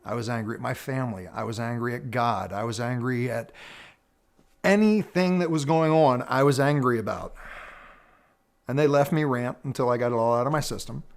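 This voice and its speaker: A middle-aged man speaking earnestly to viewers about personal growth, telling his own story in a measured, reflective way with pauses. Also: medium pitch, creaky. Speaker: personal development teacher. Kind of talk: reflective personal talk to camera.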